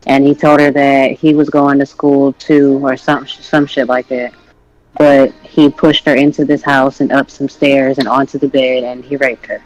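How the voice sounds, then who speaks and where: A man's voice: mid-range voice, poor audio. A man in a casual podcast chat, retelling a story in a loose, slangy way.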